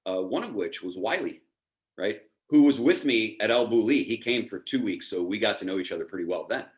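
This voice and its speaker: Animated, self-deprecating man, low-ish voice. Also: brisk. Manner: animated, self-deprecating, acts out quoted dialogue. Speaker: podcast guest, baker. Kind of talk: casual storytelling.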